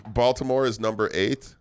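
A man's voice: mid-range voice, fairly even intonation, normal speed, creaky, clean tone, no room sound, studio quality. A man co-hosting a casual podcast, swearing and laughing as he reads out a list. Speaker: podcast co-host. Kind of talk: casual chat.

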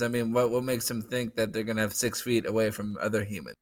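A man's voice: lowish voice, fairly even intonation, fast. A man co-hosting a casual podcast, goofy and giggly, often trailing off mid-sentence. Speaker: podcast co-host.

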